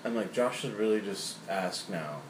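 A man's voice: on the low side, animated, moderate pace, echoey room, slight background noise, rough recording. A young man telling stories in casual chat, acting out quotes and laughing often. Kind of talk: casual chat among comedians.

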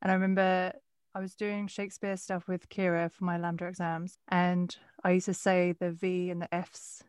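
A woman's voice: on the low side, level tone, normal speed, darkish tone, clear, resonant tone, no room sound, clean studio sound. Chatty woman with a mild Essex accent. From England. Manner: chatty, rambling anecdotes, frequent restarts. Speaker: actor. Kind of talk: casual conversation.

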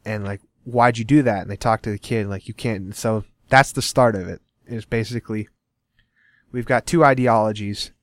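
A man's voice: lowish voice, normal speed, no echo. A young man chatting casually as a podcast host, recapping a comic book with energy and putting on characters' lines as he goes. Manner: animated, acts out characters' lines while recapping. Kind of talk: casual chat about comics. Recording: dry.

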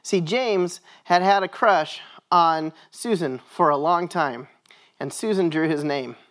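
A man's voice: a little high, slow pace, a bit bright. A man, a pastor, giving a sermon in church, telling a story in a conversational way.

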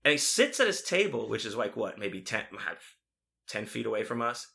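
Bright-voiced man telling a rowdy story. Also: on the low side, normal speed, vocal fry. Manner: profane, animated storytelling with acted-out quotes. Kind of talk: casual storytelling chat.

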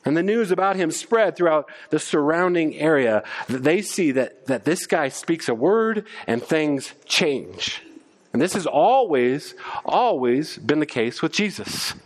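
Man, middle-aged, preaching, animated, stammering restarts, slightly high voice. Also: unhurried. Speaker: pastor. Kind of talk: sermon.

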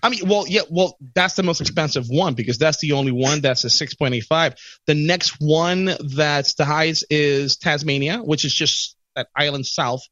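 A man's voice: fairly high pitch, moderate pace, few pauses, a bit bright, no echo, dull audio. A man from Puerto Rico, a podcast co-host asking curious, jokey follow-up questions in casual chat.

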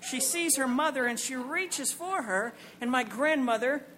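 A man's voice: very high voice, a little slow, sharp tone. A man in his forties telling a comic, self-mocking personal story on stage at a story night, acting out the people in it. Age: 40s.

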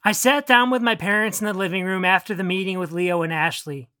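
A narrator reads a first-person story aloud in a measured, earnest way. The voice sits at a middle pitch. The recording is close and completely dry. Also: steady tone, bright, forceful tone, dry recording. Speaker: narrator reading own story. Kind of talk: first-person fiction reading.

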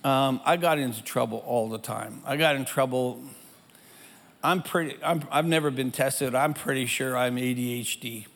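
A man's voice: medium pitch, normal speed, vocal fry, fairly bright tone. An older man preaching, telling a rambling, self-deprecating childhood story with lots of restarts, in a church hall. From German family. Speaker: pastor. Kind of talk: storytelling sermon. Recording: echoey hall with music behind.

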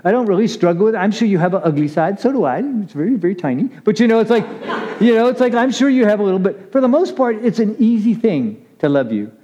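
Warm-toned chatty man preaching. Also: sits high, very animated, fast. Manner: chatty, laughs, calls on listeners by name. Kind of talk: casual conversational sermon. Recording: muffled lo-fi recording.

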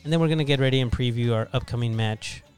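A man's voice: medium pitch, fast talker, smooth, soft background music. A man hosting a casual podcast over a video call, upbeat and rambling, laughing often. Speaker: podcast host.

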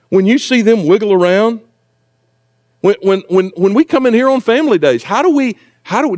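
High-voiced preacher man. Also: darkish tone. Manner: conversational preaching with asides and humor. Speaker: pastor. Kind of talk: sermon. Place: church sanctuary.

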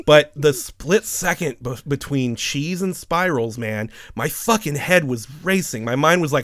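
A podcast host with a slightly high voice tells a funny story from work at a measured pace, with no room sound. He keeps it casual and animated, swearing a lot and laughing often.

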